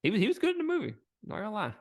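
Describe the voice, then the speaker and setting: A man's voice: sits high, wildly swooping pitch, racing, a little mellow. A man co-hosting a podcast, chatting bluntly about a film and laughing often. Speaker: podcast co-host. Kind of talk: casual movie review chat.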